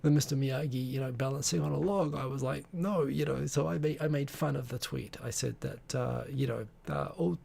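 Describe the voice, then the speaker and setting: A man's voice: mid-range voice, steady tone, brisk, gravelly, hardly any pauses, darkish tone, husky. A man hosting a live stream, chatting casually in a rambling, digressive way with many restarts. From Tokyo-based.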